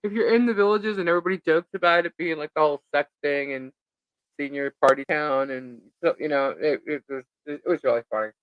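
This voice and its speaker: A woman's voice: deep voice, brisk, no room sound, lo-fi sound. A woman co-hosting a live stream, telling a rambling story in casual chat, laughing often and filling with "uh" and "like".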